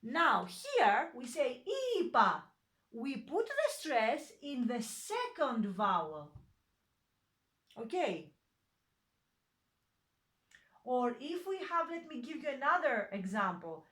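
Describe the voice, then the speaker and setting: Slow, patient woman teaching a lesson. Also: high voice, very animated, fairly bright tone. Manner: patient, many fillers and self-corrections. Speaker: language teacher. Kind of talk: slow, hesitant online lesson explanation.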